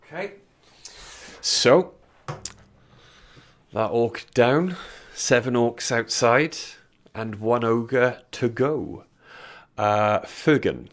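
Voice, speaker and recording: A man running a tabletop game as game master, narrating combat and giving rulings with frequent fillers. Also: mid-range voice. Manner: measured, hesitant with fillers between rulings.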